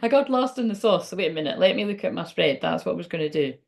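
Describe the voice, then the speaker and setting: A woman's voice: on the low side, expressive, quick pace, vocal fry, darkish tone. A woman doing a casual card-reading livestream. She chats and rambles, swears freely, laughs often and reads the card text aloud. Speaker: tarot and oracle card reader.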